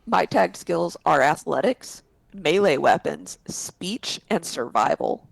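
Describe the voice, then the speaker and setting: Woman, raspy gravelly voice, lively pitch, tabletop player, casual chat. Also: slow, dry recording, poor audio.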